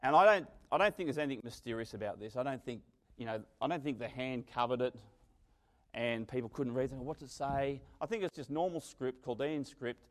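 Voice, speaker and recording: A man at a middle pitch preaching a sermon, with a lively voice that rises high and loud in his stories and drops low and soft in reflection. He talks like a storyteller and makes big shifts in loudness. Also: a little fast. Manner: animated storytelling, dramatic swings in loudness.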